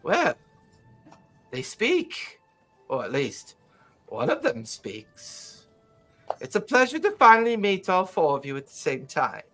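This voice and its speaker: A man voicing a gentle, courteous elderly male mystic in a tabletop game. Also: high-pitched, very animated, faint music behind, voice pushed up, exaggerated voice. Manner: courteous, unhurried, gently mocking.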